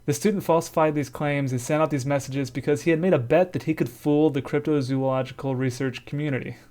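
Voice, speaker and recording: A man's voice: fairly high pitch, steady tone, fast, darkish tone. A man co-hosting a casual podcast, talking in a loose, chatty way and laughing easily. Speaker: podcast co-host.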